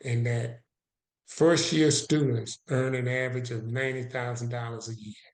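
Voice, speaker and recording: A man's voice: mid-range voice, normal speed, echoey room. A man telling a personal story as a guest on an interview podcast, acting out both sides of the conversation. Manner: animated storyteller who acts out both sides of a dialogue.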